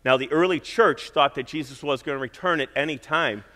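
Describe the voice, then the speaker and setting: A middle-aged male pastor preaching a sermon in a church sanctuary, earnest and exhorting, sometimes dropping to a hushed, prayerful tone. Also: a little high, fairly quick. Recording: long reverb of a church hall.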